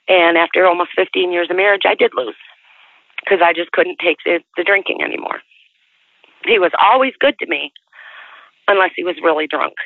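A woman's voice: lowish voice, normal speed. A woman in her sixties tells her life story over the telephone, chatty and rambling and often restarting her sentences. Her voice comes through a tinny, narrow phone line with a dry, close sound and no room echo. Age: 60s. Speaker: interviewee.

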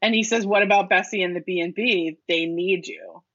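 Husky woman retelling a show scene, acts out the lines softly, dull dry sound. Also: mid-range voice, steady tone, a little fast, no room sound. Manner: acts out quoted lines, softens into a hush. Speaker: podcast co-host. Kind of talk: casual chat retelling a TV scene.

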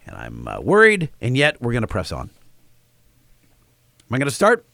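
A man co-hosting a podcast in casual chat, reading listener emails aloud, halting with many fillers and restarts. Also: medium pitch, huge pitch swings, creaky, sharp tone, no room sound. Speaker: podcast co-host.

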